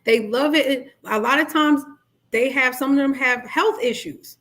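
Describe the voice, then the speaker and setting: A middle-aged woman life coach, talking casually to a live-stream audience and acting out quoted dialogue. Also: unhurried. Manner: chatty, animated, acts out quoted dialogue in high voices. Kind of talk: live-stream talk on narcissistic abuse.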